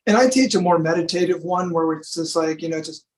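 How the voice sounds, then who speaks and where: Man, slightly high voice, laid-back, storytelling, casual interview guest. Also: fairly quick, low-quality recording. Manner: laid-back, storytelling, says "you know" often. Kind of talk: relaxed conversational interview. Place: from Sacramento.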